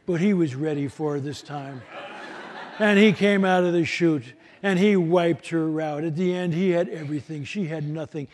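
A man's voice: fairly high pitch, normal speed, darkish tone. An older man giving a live talk to an audience, telling stories in a folksy way with many fillers and restarts. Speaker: speaker at a workshop.

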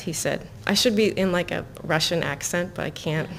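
A woman author reading her own novel aloud to listeners in an even, measured way, breaking off into casual asides full of fillers. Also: on the low side, vocal fry, a little hiss or hum. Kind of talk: live book reading with chatty asides.

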